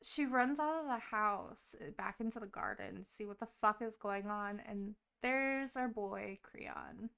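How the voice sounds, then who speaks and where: A woman co-hosting a podcast, retelling a book's plot in casual chat, animated and full of swearing. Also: mid-range voice, unhurried, creaky, few pauses, clean tone. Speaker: podcast co-host.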